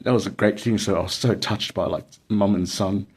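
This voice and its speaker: A man's voice: fairly low pitch, fairly even intonation, brisk, darkish tone, slightly rough. An Australian man telling a casual, rambling anecdote full of fillers and bursts of laughter. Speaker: storyteller.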